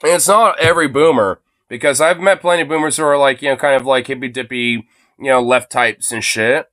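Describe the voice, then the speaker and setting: A livestreamer in his late twenties angrily rants into his phone at a fairly quick pace, swearing nonstop and leaning on fillers like "you know" and "dude." His mid-pitched voice is a bit bright, and the sound is close and dry with no room echo.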